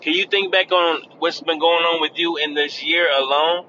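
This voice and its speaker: A man's voice: fairly high pitch, level tone, normal speed, bright, forceful tone. A man talking casually to his viewers, loose and chatty, often saying "man" and "y'all". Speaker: vlogger. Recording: dull lo-fi sound with faint vehicle noise.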